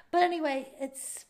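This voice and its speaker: A chatty, playful woman hosts a comedy podcast. Her voice sits high and bright for a woman. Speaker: podcast host.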